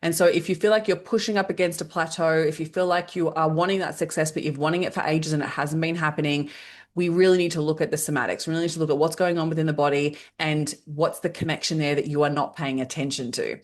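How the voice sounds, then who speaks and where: A woman with a notably low voice hosting a podcast conversation. She affirms her guest and then steers the talk with measured, thoughtful questions. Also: steady tone. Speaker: podcast host.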